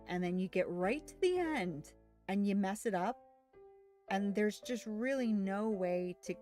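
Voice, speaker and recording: A woman's voice: on the low side, a little mellow. A woman streamer chatting casually as she plays a farming game, easygoing and thinking aloud while she talks. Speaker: gaming streamer. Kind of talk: casual gameplay commentary. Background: faint music.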